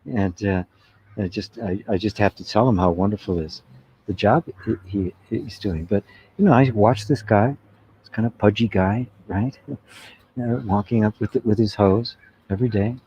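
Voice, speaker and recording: A man giving a spiritual satsang talk, reflective and unhurried, often asking "right?" and laughing softly. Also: fairly low pitch, a little hiss or hum. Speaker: spiritual teacher. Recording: dull lo-fi sound.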